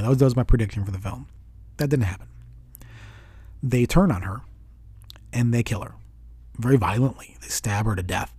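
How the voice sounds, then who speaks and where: A man casually reviewing a film in a rambling monologue, full of restarts and animated retelling. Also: medium pitch, fairly quick, pauses often, slightly rough, no echo.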